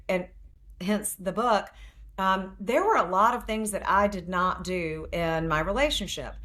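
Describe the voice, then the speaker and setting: A woman's voice: medium pitch, fairly bright tone. A middle-aged woman, a family law attorney and author, speaking frankly as a guest in a casual interview and telling stories plainly.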